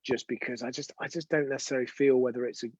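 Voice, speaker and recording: A man's voice: medium pitch, fairly even intonation, very fast, darkish tone, husky, no echo, muffled recording. A man hosting an unscripted live stream, telling chatty, rambling anecdotes with frequent restarts. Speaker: host of a weekly live show.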